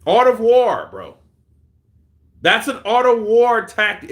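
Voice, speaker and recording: Animated, profane boxing commentator. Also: male voice, high-pitched, normal speed. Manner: profane, animated, laughing often. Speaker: boxing channel host. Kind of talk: casual livestream commentary reading chat.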